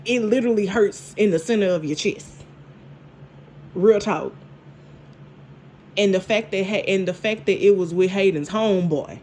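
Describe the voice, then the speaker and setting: A woman, casually recapping a TV drama episode, animated and laughing, with lots of repeats and restarts. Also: mid-range voice, moderate pace, long pauses, a little hiss or hum. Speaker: TV show reviewer.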